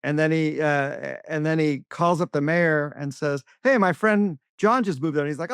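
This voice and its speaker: A man's voice: a little high, a little fast, hardly any pauses, clear, resonant tone, dry recording, clean studio sound. A man co-hosting an interview, telling chatty anecdotes with frequent restarts. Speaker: co-host, attorney. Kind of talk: casual interview talk, storytelling.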